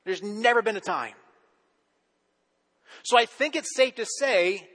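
A man's voice: high-pitched, animated, a little slow, pauses often, fairly bright tone, big-room sound. A male pastor giving a conversational sermon, often repeating and restarting his words.

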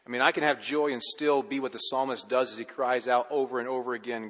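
A man preaching a sermon as pastor, telling stories with animation and then dropping to a soft, earnest hush. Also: medium pitch, fairly even intonation, fast talker, hardly any pauses, big-room sound.

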